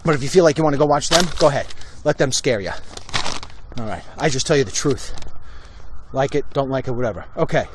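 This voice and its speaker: A man's voice: mid-range voice, lively intonation, fast talker, background noise. A middle-aged man hosting a walk-and-talk show, ranting bluntly about politics while walking down a street and talking into a phone. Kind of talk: opinionated live-stream monologue while walking. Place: outdoors on a residential street.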